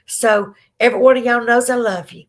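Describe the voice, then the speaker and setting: A Southern woman with a higher, steady voice hosts a live podcast, talking a little fast. Teary after crying, she chats casually with her viewers in an affectionate, emotional way.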